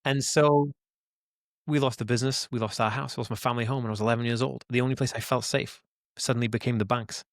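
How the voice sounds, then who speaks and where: A Welsh man in his forties talks in a loose, rambling way, stacking up "like" and checking in with "right?" as he goes. He sounds earnest and emphatic, and his voice sits at a middling pitch for a man. The recording is dry, with almost no room sound. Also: fairly even intonation, fast talker, no room sound. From Wales. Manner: rambling, lots of "like" and "right?", repeats words; earnest and emphatic, addresses listeners as guys. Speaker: interview guest, autism advocate. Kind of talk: casual storytelling in a conversation.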